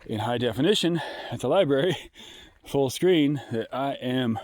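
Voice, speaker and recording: A man's voice: mid-range voice, lively intonation, a little slow, darkish tone, dry recording. Rambling man vlogging alone outdoors. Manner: rambling, sidetracked, jokey. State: out of breath. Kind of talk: rambling handheld vlog. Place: outdoors at a forest campsite. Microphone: handheld phone camera.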